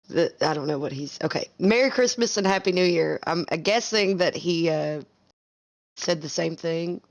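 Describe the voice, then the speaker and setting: A woman with a notably low voice reads chat messages aloud. She sounds unsure and apologetic as she stumbles through them. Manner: apologetic, hesitant reading.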